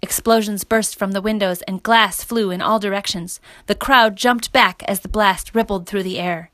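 A woman reading a children's story aloud as narrator, in a steady, clear manner. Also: mid-range voice, moderate pace, no echo.

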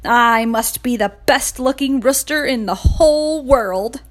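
A woman voicing a vain, bossy male rooster in a storybook, loud and commanding. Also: on the high side, a little slow, close to an everyday voice.

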